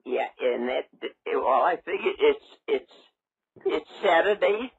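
Confused raspy old man on the phone. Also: fairly high pitch, animated, slow, no echo. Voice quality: raspy, gravelly. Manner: confused, rambling, repeats himself. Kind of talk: prank call clips. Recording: muffled phone line.

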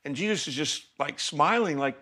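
An older man telling a humorous personal story in an animated, self-deprecating, conversational way. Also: fairly high pitch, moderate pace.

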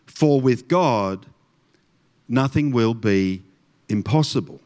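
A man reading an angel's words in a slow, emphatic storytelling voice, drawn from scripture. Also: mid-range voice, lively intonation, a little mellow, pitched below the performer's own voice. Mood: solemn. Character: solemn male angel messenger.

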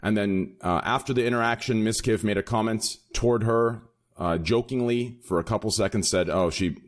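A man hosting a casual podcast chat, excitable and quick to laugh, repeating himself. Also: lowish voice. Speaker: podcast host.

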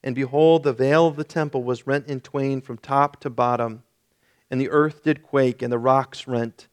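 A male pastor reading a long scripture passage aloud during a sermon, in a solemn, measured way. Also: medium pitch, steady tone.

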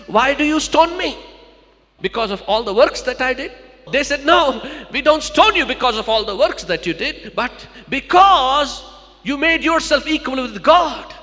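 A man's voice: very high-pitched, sharp tone, long reverb tail. A man preaching a sermon to a church, repeating key lines and calling out to the congregation.

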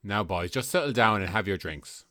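A man reading the part of a pub landlord who calls his customers chaps and lads and makes flat, machine-like announcements. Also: on the low side, normal speed, pitched below the performer's own voice. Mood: gruff. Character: gruff male landlord who acts like a machine.

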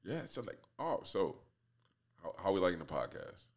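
A man in his forties hosts a solo podcast, rambling casually in a low voice with big swings in pitch at a moderate pace. He swears freely, laughs often, and pokes fun at himself.

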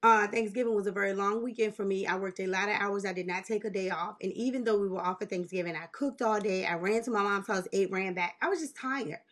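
A woman in her forties telling a long story in casual chat, animated and swearing, laughing as she goes and jumping high when she quotes people. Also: quick pace, hardly any pauses. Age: 40s. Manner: jumps high in pitch when quoting people. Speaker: podcast host.

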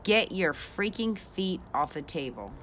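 A woman's voice: fairly low pitch, sing-song, measured pace, fairly bright tone. A woman co-hosting a casual chat podcast, giggly and playful as she reads slang definitions aloud. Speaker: podcast co-host.

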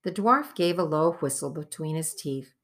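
Audiobook narrator: woman, low voice, bright clear tone, unhurried. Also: animated. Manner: measured storytelling. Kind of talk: scripted narration.

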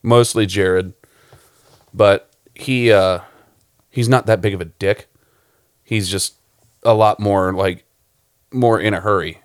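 On a podcast, a man chats loosely about a short film he directed, rambling, swearing often and laughing a lot. His voice is fairly low and steady in tone, and he speaks slowly with long pauses. It's a studio-quality recording with no room sound.

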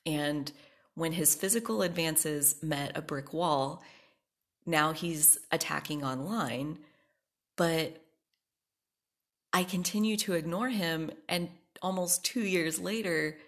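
A woman's voice: low voice, a bit bright. A woman hosting her own podcast, talking candidly and with emphasis in a personal monologue, swearing freely. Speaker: podcast host.

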